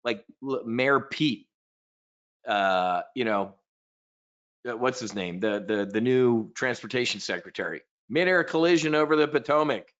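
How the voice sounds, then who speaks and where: A man's voice: mid-range voice, a little slow, muffled recording. Blunt, ranting male trading host. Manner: blunt, profane, animated ranting. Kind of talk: live market briefing.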